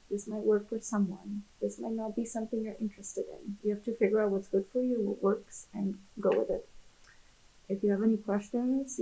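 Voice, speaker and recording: A woman's voice: medium pitch, mellow, rough recording. A woman talking candidly to camera as a parenting vlogger, chatty and open, with many fillers. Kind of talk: casual talk to camera.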